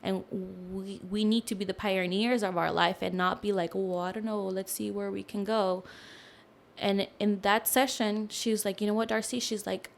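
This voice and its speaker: A young woman, a podcast guest, telling a personal story in a casual, animated way, full of fillers, with lowered voices when she quotes others. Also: normal speed, vocal fry.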